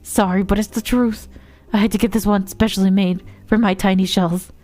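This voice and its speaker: A woman's voice: medium pitch, steady tone, normal speed, dark tone, soft background music, lightly acted. A fretful little creature from a cartoonish detective game, prickly and defensive, always on alert to protect its shells, read aloud by a woman in a voice close to her own. It talks in curt, nervous bursts. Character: fussy jumpy shell-guarding critter. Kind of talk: reading game dialogue aloud.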